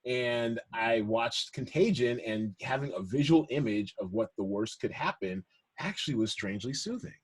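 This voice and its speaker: Chatty male podcast host, husky voice. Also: medium pitch. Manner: animated, laughs often, quick asides. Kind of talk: casual chat.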